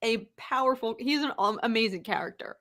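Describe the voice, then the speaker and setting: Bright upbeat woman host, kinda high voice, laughs a lot, super chatty. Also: brisk. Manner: giggly and enthusiastic. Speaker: livestream host. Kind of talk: casual chat.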